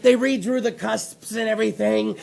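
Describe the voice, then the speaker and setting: A man hosts a live internet talk show in a crude, joking, loud manner. His voice sits very high and carries heavy gravelly fry throughout. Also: steady tone, moderate pace. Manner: loud, crude, jokey, swings into a soft low put-on voice.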